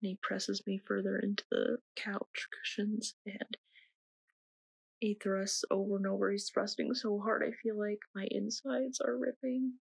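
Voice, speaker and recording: A woman playing a haunted young woman, slow and hushed. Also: medium pitch, little pitch movement, gravelly. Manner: slow, hushed and halting, with long pauses. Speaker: narrator recounting her own ordeal. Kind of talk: dramatic monologue. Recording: distant mic with faint noise.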